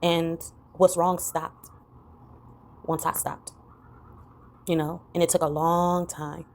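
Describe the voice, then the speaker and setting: A woman's voice: little pitch movement, takes it slowly, a little mellow. A woman talking reflectively in a personal vlog, rambling and full of "you know" fillers. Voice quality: gravelly low voice. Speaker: vlogger.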